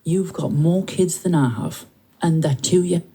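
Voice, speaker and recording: A woman's voice: fairly low pitch, a little slow, warm tone, slightly rough. A woman making a pointed, defensive rebuttal of criticism aimed at her. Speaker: subject of the clips, answering criticism. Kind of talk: filmed personal rebuttal.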